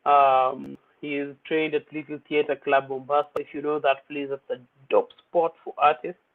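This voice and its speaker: A man's voice: a little high, level tone, normal speed. A man hosting a poetry open mic, introducing the featured poets in a casual, hyped way with many fillers. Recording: tinny phone-like audio.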